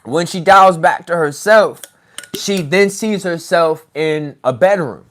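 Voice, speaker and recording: A man telling a story in a casual, animated way, swearing and laughing as he goes. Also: a little high, slow pace. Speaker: podcast host, regression practitioner.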